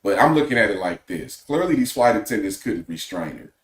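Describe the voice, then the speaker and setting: A man co-hosting a podcast, talking in a measured, opinionated way and posing questions. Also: lowish voice, sing-song, roomy sound. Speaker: podcast co-host. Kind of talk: casual podcast chat.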